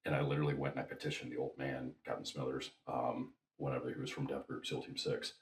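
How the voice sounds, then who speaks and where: Middle-aged male guest with a very low voice, animated storyteller who acts out quotes. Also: fast, a little hiss or hum. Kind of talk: casual storytelling.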